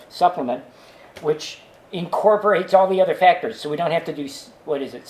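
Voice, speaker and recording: A man's voice: mid-range voice, darkish tone, slight background noise. A man teaching a worked engineering example, thinking aloud with frequent fillers and asides. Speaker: engineering instructor.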